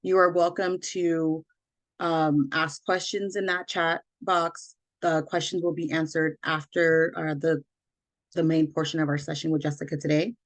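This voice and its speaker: A woman hosting an online workshop as community engagement manager, opening it and covering housekeeping with careful, slightly halting delivery. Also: sits low, little pitch movement. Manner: careful, slightly halting reading with small self-corrections. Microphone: video call.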